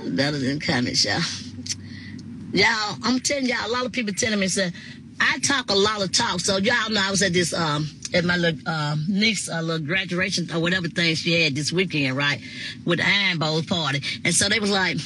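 A woman's voice: on the low side, animated, moderate pace, sharp tone, a little hiss or hum, poor audio. A woman, chatting casually with viewers as she reads out their comments, laughing often and talking back to them. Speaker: live-stream host reading viewer comments. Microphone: phone.

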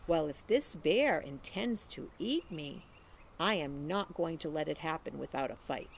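A woman voicing an elderly woman librarian in a read-aloud storybook, telling her tale in a slow, warm storytelling drawl. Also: low-pitched, animated, vocal fry, a little hiss or hum, full character voice, poor audio. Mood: gentle storytelling.

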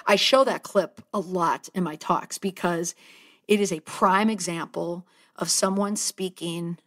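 A woman's voice: lowish voice, fairly even intonation, unhurried, a bit bright, a faint crowd. A woman hosting a podcast, giving conversational and heartfelt commentary and sometimes choking up. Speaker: podcast host and communications speaker.

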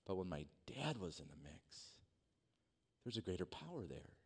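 A man in his forties preaching in a church, telling a personal story with humor and swinging from hushed, quiet passages to loud, energetic ones. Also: low-pitched, normal speed, gravelly, slightly rough. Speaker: pastor.

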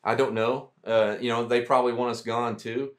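A man's voice: medium pitch, flat delivery, normal speed. A man, a veteran guest, telling profane, rambling war stories in casual talk. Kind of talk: casual storytelling.

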